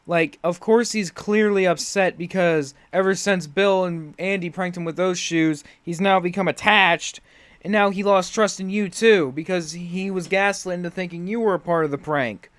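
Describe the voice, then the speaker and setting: A man hosts a reaction video and delivers sarcastic, swearing commentary. His voice is high for a man. The recording is dry, with no room echo. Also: normal speed, fairly bright tone. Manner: sarcastic, profane.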